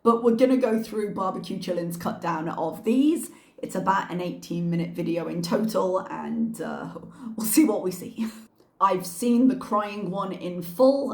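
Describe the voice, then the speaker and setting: A woman hosting a reaction channel, giving casual commentary with wry, sarcastic asides. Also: lowish voice. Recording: echoey room.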